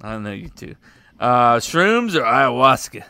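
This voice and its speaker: Bright-voiced joking podcast host man. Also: medium pitch, big pitch swings, gravelly, clean tone, dry recording. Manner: joking, profane, quizzing quickly. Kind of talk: casual podcast chat.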